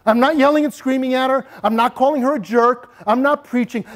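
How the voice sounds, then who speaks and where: High-voiced man giving a workshop talk. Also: a little fast, few pauses. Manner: demonstrative, acts out calm assertive speech. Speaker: anti-bullying presenter. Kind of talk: workshop presentation to parents.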